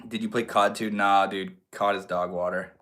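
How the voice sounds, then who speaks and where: Bright-voiced young livestream host. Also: male voice, on the low side, little pitch movement, normal speed. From Maine. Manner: slangy, laid-back, chats with and answers viewers. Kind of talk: casual livestream chat.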